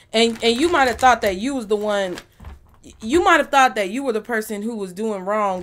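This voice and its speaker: A woman's voice: mid-range voice, a bit bright, a little hiss or hum. A woman giving a tarot reading to her viewers, speaking bluntly and emphatically with a lot of profanity. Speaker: tarot reader.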